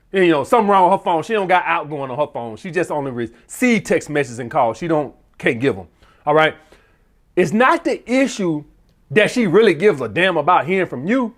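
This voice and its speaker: Man, dating-advice vlogger, high lively voice, blunt and profane. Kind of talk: casual profane monologue.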